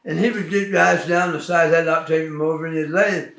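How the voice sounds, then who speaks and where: Man, slightly high voice, folksy storytelling, echoey room. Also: fairly even intonation, a little fast, gravelly, a bit bright. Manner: folksy storytelling, frequent "right" acknowledgements. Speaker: wrestling veteran interviewed. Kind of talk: casual shoot interview.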